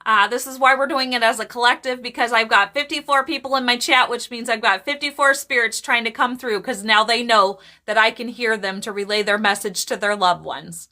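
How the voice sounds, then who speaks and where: Woman, high-pitched, bright, psychic medium, live stream chat, animated, casual. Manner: chatty and animated, laughs often, quick asides to chat.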